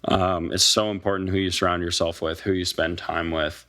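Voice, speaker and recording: A man's voice: low voice, level tone, normal speed, bright, forceful tone. A man in his twenties as a podcast guest, talking in a casual, agreeable and reflective way.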